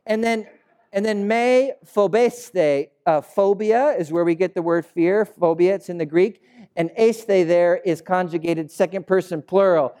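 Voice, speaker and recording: A man preaching a sermon as a pastor, telling the story in a lively, dramatic way, sometimes shouting and sometimes dropping to a hush. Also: high-pitched, normal speed. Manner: animated storytelling preacher, swinging between shouts and hushed asides.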